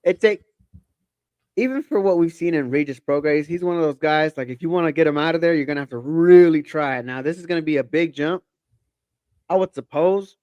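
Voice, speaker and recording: A man co-hosting a casual combat sports podcast, giving confident predictions in a relaxed, slangy way. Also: a little high, brisk, smooth, no echo, highs cut off. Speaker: podcast co-host.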